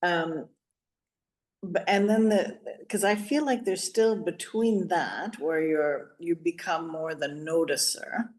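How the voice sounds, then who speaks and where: A middle-aged woman hosting a podcast interview. She affirms her guest often and gropes for words when she asks. Her voice sits low. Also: slow, a little mellow. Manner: affirming, searching for words while asking. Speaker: podcast host. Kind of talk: casual interview talk.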